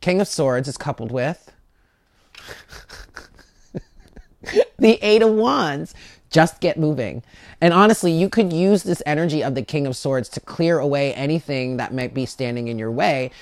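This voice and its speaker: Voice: medium pitch, animated, measured pace, long pauses, no echo. Chatty tarot reader talking straight to viewers, stumbling and repeating words, in a dry, close sound. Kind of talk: casual monthly tarot reading to camera.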